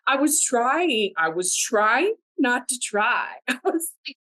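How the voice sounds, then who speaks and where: Woman co-host, lively storyteller, casual, laughs easily, dry room. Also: on the high side, slow, no room sound, rough recording. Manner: animated, laughing, many "like" fillers. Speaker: podcast co-host. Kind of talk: casual chat, personal storytelling.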